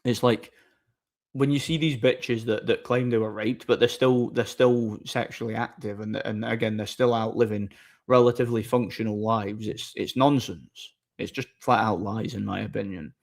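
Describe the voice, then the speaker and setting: A man's voice: lowish voice, steady tone, moderate pace, creaky. A man chatting casually on a live stream, reading viewer messages aloud, rambling with repeated words and frequent laughter.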